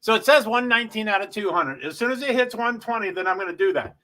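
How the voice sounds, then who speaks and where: A man hosting a casual livestream, rambling through race positions with frequent throat clearing and self-interruptions. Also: sits high, lively intonation, quick pace, pushed and bright. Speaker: livestream host. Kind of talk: casual live race commentary.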